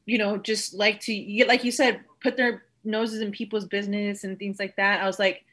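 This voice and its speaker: A woman's voice: medium pitch, flat delivery, normal speed, fairly bright tone. A woman in casual podcast talk who rambles and fills her speech with "like". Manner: rambling, heavy use of "like".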